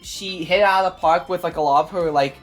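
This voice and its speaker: A woman streamer recapping an event in a casual, rambling way, full of fillers and excited asides. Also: on the low side, fast talker. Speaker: VTuber streamer. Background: faint background music.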